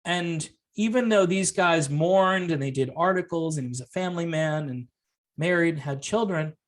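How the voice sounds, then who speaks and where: A man's voice: on the high side, normal speed. Sarcastic man ranting to camera. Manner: sarcastic, full of rhetorical questions. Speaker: music commentary vlogger. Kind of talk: opinion rant monologue.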